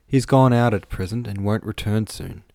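A man reading an audiobook, voicing a brisk, motherly older housekeeper woman who bustles about. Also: on the low side, gravelly, mellow, no room sound, clean studio sound.

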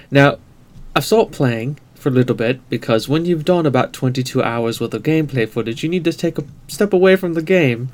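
A man co-hosting a gaming podcast, chatting in a relaxed, self-deprecating way. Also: medium pitch. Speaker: podcast co-host. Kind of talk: casual chat.

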